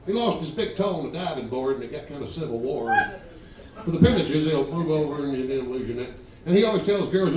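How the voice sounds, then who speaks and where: This is a brisk, lively-sounding man in his fifties, his voice a little high, doing a stand-up routine full of profanity, crowd teasing and drawling stories at a comedy club. Sound is roomy and picked up from afar, with guitar and audience laughter in the background.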